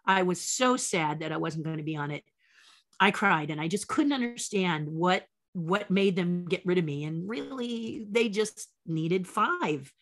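A woman puppeteer being interviewed, telling a story in a lively way and acting out the voices of people she quotes. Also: fairly low pitch, a little slow. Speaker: puppeteer guest. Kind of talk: anecdotal storytelling.

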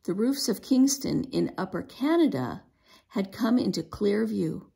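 A woman reading a children's novel aloud in an expressive storytelling manner, with an occasional stumble over a word. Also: mid-range voice, measured pace, vocal fry. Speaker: storybook reader.

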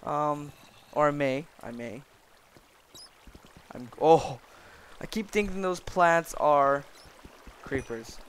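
A young man with a slightly high voice talks through his block-building game, rambling and excitable. He jokes at the creatures around him, and a faint hiss sits under the recording. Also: takes it slowly, pauses often. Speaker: gaming video creator. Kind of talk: Minecraft let's play commentary.

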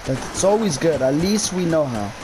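A man's voice: fairly high pitch, lively intonation, normal speed, noisy background. A young man commentating his own gameplay of a horror map, jumpy, swearing a lot and yelping at scares. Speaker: gamer.

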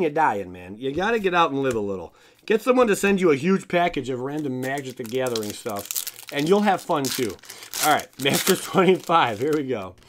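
A young man hosting his own channel, chatting excitedly as he opens trading cards and now and then bursting into shouts and laughter. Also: medium pitch. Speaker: card-opening video host. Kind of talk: excited card-opening commentary.

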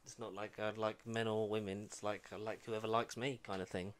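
A man's voice: lowish voice, little pitch movement, brisk. A man co-hosting a podcast in casual chat, hesitant and full of fillers, dropping dry quips.

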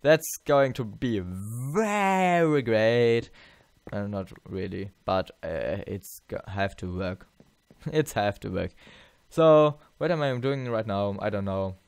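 A tired man talks through his let's play, rambling and halting, full of fillers and restarts. His voice sits a little low and sounds smooth and clean. The sound is dry and close. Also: no room sound. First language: German. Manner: rambling, halting, many fillers and self-corrections. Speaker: gameplay channel host.

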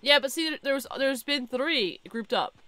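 A young woman streaming a game, chatting casually, giggling and calling out excitedly to the animals in the game. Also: sits high, a little slow, no echo. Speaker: gaming streamer. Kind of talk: casual gameplay commentary.

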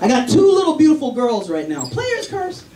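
A man performs a chatty stand-up set about parenting, animated and acting out voices. His voice is very high-pitched and his pace moderate. It's recorded in a roomy club with a distant mic and crowd noise.

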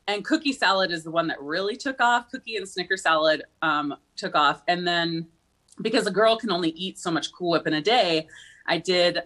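A woman's voice: lowish voice, pushed and bright. A woman from Minnesota with a Midwestern accent, a talk show guest telling stories in a chatty, giggly way. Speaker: guest, social media creator.

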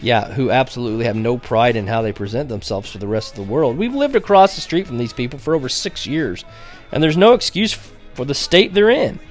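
A man's voice: medium pitch, expressive, fairly quick, faint music behind, lightly acted. A man voicing a blunt, scornful middle-aged father in an audiobook reading. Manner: sneering, combative. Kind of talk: audiobook character voice.

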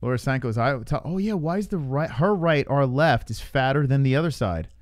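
A man's voice: medium pitch, animated, fairly quick, no echo, studio quality. A man hosting a live fight-reaction stream, talking casually with crude, rambling jokes. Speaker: host.

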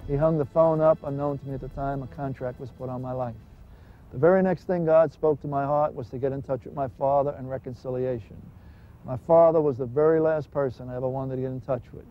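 A man's voice: medium pitch, steady tone, fairly quick. A man who is a minister gives an earnest personal testimony, retelling his past with dramatic voiced dialogue. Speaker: former gangster turned minister giving testimony. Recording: dull lo-fi recording with faint music.

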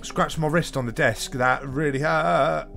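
Gravelly, fairly high and a little slow, this man's voice stays steady in tone. He hosts a gaming video of a horror game, full of profanity and panicked, jumpy gasps and shouts, with faint game music behind him.

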